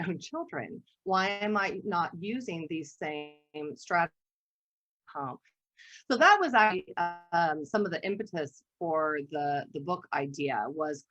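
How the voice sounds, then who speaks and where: A woman art therapist giving an online workshop talk, telling stories in an animated way and often laughing. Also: fairly low pitch, dull audio. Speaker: guest art therapist presenter.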